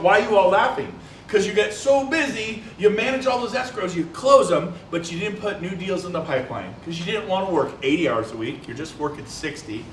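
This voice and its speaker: A man giving a live business presentation, energetic and quizzing the audience with quick questions. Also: sits high. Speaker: seminar presenter. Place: large event hall. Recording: echoey hall from far off, faint noise.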